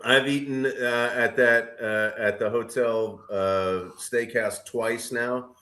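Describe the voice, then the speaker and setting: A man's voice: mid-range voice, steady tone, takes it slowly, sharp tone. A middle-aged man co-hosting a casual podcast chat, rambling with lots of fillers and restarts. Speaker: podcast co-host.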